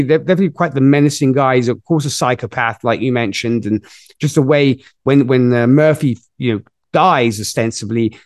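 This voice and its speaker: A man's voice: mid-range voice, dry recording, studio quality. A man hosting a podcast, chatting enthusiastically in a casual movie review. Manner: enthusiastic, lively storytelling. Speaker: podcast host.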